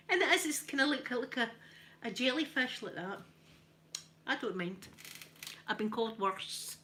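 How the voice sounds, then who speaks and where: Chatty Scottish woman, bright voice. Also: on the high side, lively intonation, a little slow, pauses often, a little hiss or hum. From Scotland. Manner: chatty, self-mocking, laughs often. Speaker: livestream host. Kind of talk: casual live-stream chat.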